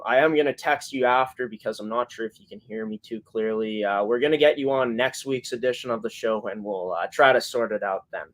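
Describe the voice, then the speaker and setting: A man hosting a casual live-streamed sports show, talking in long, rambling runs with many filler words and frequent self-corrections. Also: medium pitch. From Canada.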